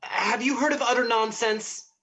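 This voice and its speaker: A woman playing a kind, cheerful young nephew who speaks warmly to his uncle, in a stage play. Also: a little high, steady tone, moderate pace, husky. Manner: warm, surprised, cheerful.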